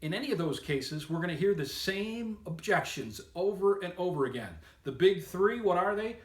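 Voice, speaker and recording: A man's voice: high-pitched, animated, moderate pace, reverberant. A man giving an upbeat, emphatic sales training lesson, coaching listeners on method. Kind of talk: instructional talk to camera.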